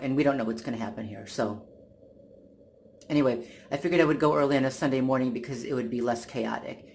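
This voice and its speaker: Vlogger ranting about their day, keeps restarting sentences, exasperated, mid-pitched voice. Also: slight background noise. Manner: halting, many restarts and repeated words; irritated, exasperated retelling. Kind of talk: casual first-person account.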